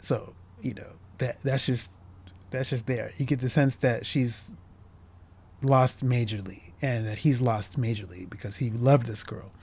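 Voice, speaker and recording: A man's voice: medium pitch, fairly even intonation, a little slow, gravelly, darkish tone, slightly rough. A man casually discussing a short film as host, earnest and emotionally moved, rambling with many restarts and fillers.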